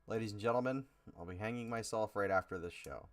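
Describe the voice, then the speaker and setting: A man co-hosts a casual podcast chat. He talks with a lowish voice and throws in dramatic, exasperated remarks. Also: fast. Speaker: podcast co-host.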